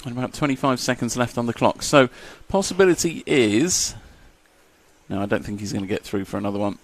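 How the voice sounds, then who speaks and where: A man's voice: mid-range voice, a little fast. A man commentating a live model car race, chatty and jokey, reading out lap times.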